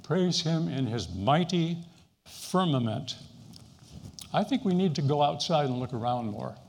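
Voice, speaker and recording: A middle-aged man gives an earnest, conversational sermon with a gravelly edge to his somewhat raised voice. His words ring out with a long reverberating tail of a large hall. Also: on the high side, lively intonation, unhurried. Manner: earnest, conversational preaching with fillers. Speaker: pastor.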